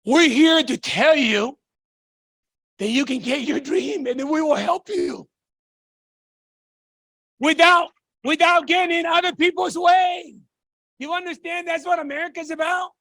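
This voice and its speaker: A middle-aged man from Tonga giving a motivational sales talk, excitable, shouting in bursts and repeating rhetorical questions. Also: very high-pitched, a little slow, pauses often. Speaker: business opportunity presenter.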